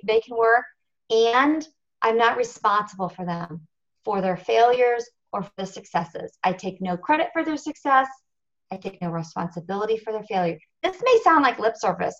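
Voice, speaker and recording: A woman's voice: on the high side, lo-fi sound. A woman telling her own story on a team conference call, earnest and confessional, stressing her points with repetition. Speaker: national marketing director speaking on a team call. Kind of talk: motivational talk on a conference call.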